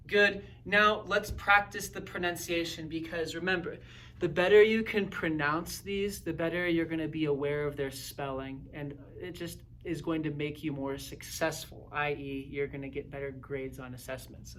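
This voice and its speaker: A man's voice: a little high, steady tone, moderate pace, bright, forceful tone, recorded from a distance, slight background noise. A man teaching a recorded grammar lesson in an upbeat, coaching way, often checking in with "right?" and "okay?". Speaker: Spanish teacher.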